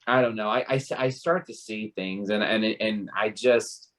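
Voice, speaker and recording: A man's voice: lowish voice, moderate pace, a bit bright. A man, talking passionately and emphatically in a casual panel discussion, often restarting his sentences. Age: 20s. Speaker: panel co-host.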